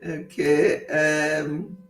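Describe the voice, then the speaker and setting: A woman's voice: low voice, steady tone, drawn-out words. Middle-aged Nigerian woman with an Igbo accent, emphatic, chatty host, echoey room. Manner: chatty, emphatic, laughs often. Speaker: livestream host. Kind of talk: casual chat with live viewers. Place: home in the UK.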